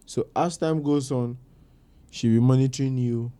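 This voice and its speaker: A man's voice: mid-range voice, moderate pace, clear, resonant tone. A man, chatting casually as a podcast guest and telling stories animatedly. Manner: animated storyteller, mimics his mom in quoted asides. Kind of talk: casual chat.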